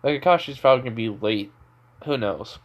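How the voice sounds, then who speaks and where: A man's voice: medium pitch, expressive, fairly quick, lightly acted. A man doing a cocky teen boy ninja. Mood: casual. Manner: cocky, offhand, tough-talking. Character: brash teen boy ninja hosting a spirit.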